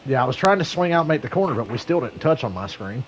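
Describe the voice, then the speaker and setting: A man streaming an online racing game, chatting casually and telling a story in a profane, animated way. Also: mid-range voice, fast talker, music in the background, rough recording. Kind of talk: casual gaming stream chat.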